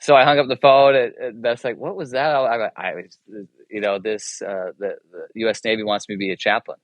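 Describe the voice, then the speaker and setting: A man's voice: fairly low pitch, fairly quick, no echo. A man telling a personal story as a guest in a casual interview, rambling and self-interrupting, chuckling often and acting out the dialogue. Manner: acts out dialogue in his anecdotes. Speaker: guest, military chaplain.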